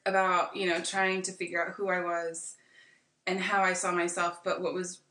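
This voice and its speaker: A woman's voice: lowish voice, level tone, normal speed, bright, forceful tone. A woman from California with an American accent, telling stories in a casual podcast chat and laughing often. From California, USA. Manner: chatty storyteller, laughs often. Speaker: podcast guest. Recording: echoey room, mic far off.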